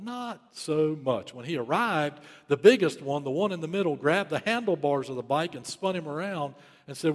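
A man's voice: on the high side, animated, moderate pace, in a large hall. A man preaching a sermon, telling a story in an urgent, emphatic way and repeating key phrases. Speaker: pastor.

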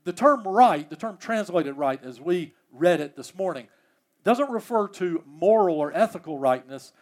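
A man's voice: high-pitched, animated, normal speed. A male pastor delivering a sermon, pressing his points with repeated rhetorical questions. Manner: emphatic, repeats key phrases as rhetorical questions.

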